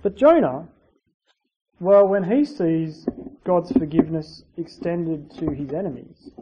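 A preacher giving a conversational sermon, using asides and rhetorical tag questions and swinging between loud emphasis and quiet, dropped phrase endings. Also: medium pitch, unhurried. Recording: dull lo-fi recording with faint hiss.

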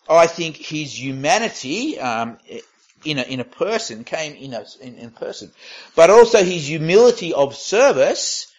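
A man preaching a sermon in a conversational way, reading scripture aloud and pausing to rephrase. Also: a little high. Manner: conversational, reads scripture aloud, with pauses and restarts.

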